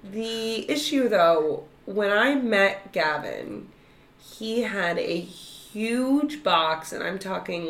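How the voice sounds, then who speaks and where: A young woman hosting a casual comedy podcast, telling animated stories with plenty of swearing. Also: mid-range voice, drawn-out words. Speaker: podcast host. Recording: roomy echo.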